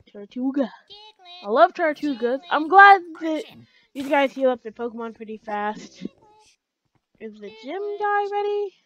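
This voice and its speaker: A woman giving chatty, excitable commentary while playing a game, talking back to it as she goes. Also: high voice, highs cut off. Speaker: let's play gamer.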